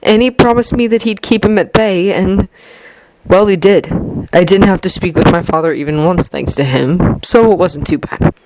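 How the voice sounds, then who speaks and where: A woman voicing a reserved, guarded teenage boy who talks quietly and hesitantly, in a muttering way. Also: fairly low pitch, normal speed, slight background noise, close to an everyday voice, poor audio. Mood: subdued.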